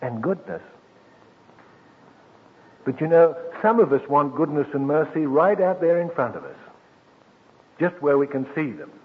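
A man preaching a sermon, slow and emphatic, dropping soft and then lifting his voice again. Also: on the high side, big pitch swings, husky. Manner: slow, emphatic, with soft drops and sudden lifts. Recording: tinny old radio broadcast with long reverb.

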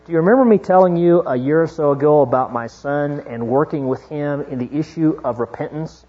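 Fervent preacher, a higher-pitched middle-aged man. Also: fairly quick, breathy edge. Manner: preaching that swings from hushed storytelling to fervent exhortation. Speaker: pastor. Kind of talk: sermon. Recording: dull lo-fi recording.

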